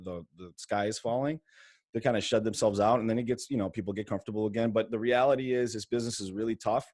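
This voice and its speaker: A man with a fairly low voice, talking loosely and casually on a video call. The sound is dry and close, with little room around it. He rambles a bit and restarts his sentences often. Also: darkish tone, no echo. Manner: quick and loose, lots of fillers and restarts. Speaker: mortgage lender and podcast host. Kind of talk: casual interview on a livestream. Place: home podcast studio.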